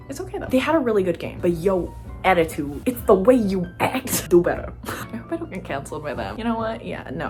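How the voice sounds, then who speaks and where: Young woman vlogging, swears a lot, voice jumps all over, laughs a bunch. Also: on the low side. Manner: animated, profane, laughing. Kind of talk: casual vlog storytelling.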